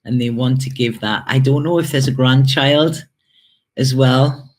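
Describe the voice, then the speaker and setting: A man's voice: medium pitch, unhurried. Hesitant man giving a spirit reading. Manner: hesitant and repetitive, with many fillers and emotional asides. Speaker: tarot reader. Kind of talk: intuitive spirit reading to camera.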